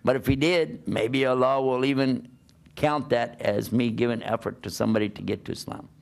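An older man with an American accent delivers a conversational sermon, leaning on stories and rhetorical questions to carry his listeners along. His voice sits at an ordinary middle pitch with a gravelly, creaky edge. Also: moderate pace. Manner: animated storytelling with rhetorical questions. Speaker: Islamic preacher.

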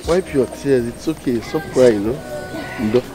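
An actor with a Nigerian accent playing a gentle young man who comforts a crying girl and offers her a home. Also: medium pitch, a little slow, lightly acted. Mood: comforting. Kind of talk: Nollywood film acting. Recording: music under dialogue.

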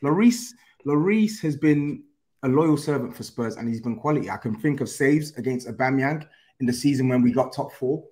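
Another Londoner and Spurs supporter argues insistently during a heated football podcast chat, laughing while defending himself. He speaks at a normal speed in a warm, mid-range voice with lively intonation.

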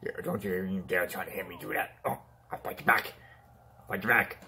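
A man's voice: low voice, fairly even intonation, fairly quick, gravelly, bright, forceful tone, slight background noise, exaggerated voice. A man voicing a boastful, whiny male clown villain in a toy-figure fan play, pleading and taunting by turns and yelping in pain.

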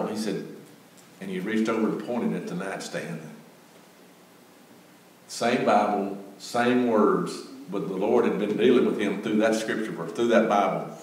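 A man's voice: on the low side, unhurried, a little hiss or hum. An older man, telling a folksy testimony story as a church speaker. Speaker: Gideons speaker. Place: church sanctuary. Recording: echoey church from far off.

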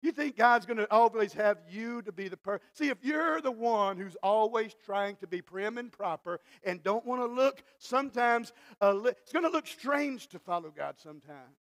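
A man preaching in church, his voice pitched very high with a gravelly edge. He moves from hushed, low asides to shouted exhortation and acts out Bible stories as back-and-forth dialogue. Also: animated, moderate pace, few pauses. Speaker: pastor. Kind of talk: sermon.

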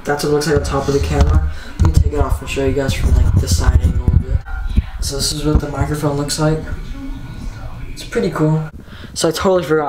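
Excitable young man vlogging. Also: fairly high pitch. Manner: excited, rambling, lots of "like". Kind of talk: casual vlog chat. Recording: background noise.

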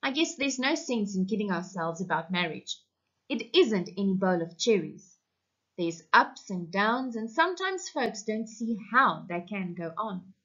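A woman's voice: medium pitch, very animated, a little slow, a bit bright, slightly rough, dull audio, heavily acted. A woman reading aloud the lines of a folksy male late-night radio host who sermonizes on love.

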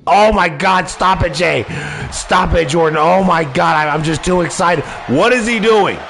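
A man giving excited play-by-play commentary on a wrestling video game, often shouting exclamations. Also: high voice, normal speed, gravelly, slight background noise.

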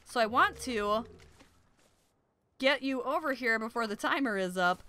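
High, bright, excitable young woman gamer. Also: measured pace. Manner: excitable, shrieks and laughs at in-game danger. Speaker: gaming YouTuber. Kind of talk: let's play commentary.

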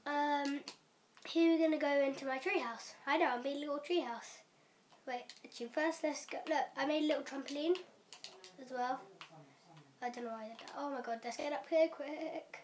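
Young woman gaming vlogger, high bright voice, chatty and rushed, slips into whispered asides. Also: fairly even intonation, a little hiss or hum. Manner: chatty and hurried, with fillers and quiet whispered asides. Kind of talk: casual game walkthrough. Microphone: camera mic.

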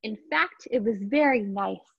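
A bouncy young otter asks politely and eagerly, pitched on the high side as a woman reads him aloud. The sound is muffled and lo-fi, with a dry room. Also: measured pace, vocal fry, breathy edge, dry recording, exaggerated voice.

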